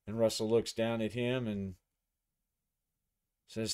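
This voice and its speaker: A man's voice: on the low side, level tone, slow pace, pauses often, smooth. A man narrating a solo tabletop game, thinking aloud as he describes the action and his dice rolls.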